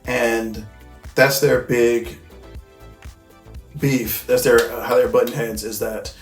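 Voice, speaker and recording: A man recapping and reviewing a film in loose, casual talk, full of slang and swearing. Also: medium pitch. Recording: echoey room with faint music.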